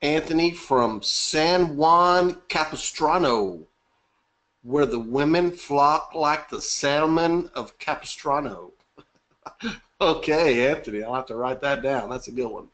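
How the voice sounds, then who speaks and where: A man's voice: a little high, slow, a bit bright. A man hosting a live webinar, chatty and upbeat, greeting attendees by name and joking. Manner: upbeat, chatty, reading names aloud and joking. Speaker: webinar host.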